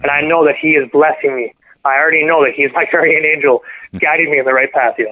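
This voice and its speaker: A man guest on a podcast telling a painful personal story in a halting, earnest way, often correcting himself. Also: a little high, steady tone. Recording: phone-line audio.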